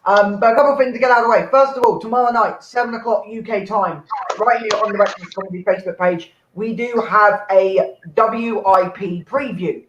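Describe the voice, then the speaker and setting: A man's voice: high-pitched, a little fast, few pauses. A man hosting an online comedy show, chatting casually in a sweary, self-mocking way. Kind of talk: casual live-stream banter. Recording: roomy dull home mic with faint noise.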